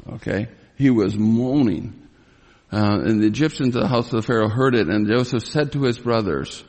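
A man teaching through a Bible passage as a sermon, emphatic and rising in pitch when he retells the drama of a scene. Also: a little mellow. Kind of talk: expository sermon. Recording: long reverb of a large hall.

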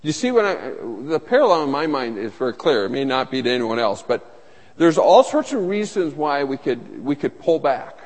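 Animated preaching man in a reverberant hall. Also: mid-range voice, normal speed. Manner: earnest, emphatic preaching with repeated phrases. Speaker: pastor. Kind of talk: sermon. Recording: long reverb of a large hall.

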